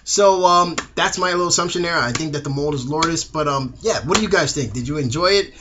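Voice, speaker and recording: A man's voice: on the high side, a little fast, background noise. A young man reviewing a TV episode in a casual, slangy way, acting out the characters' lines.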